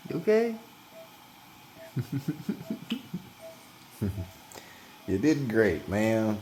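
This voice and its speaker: A woman's voice: a bass voice, sing-song, drawn-out words, dark tone, slight background noise, low-quality recording. A woman chatting casually while filming, cheerful and coaxing.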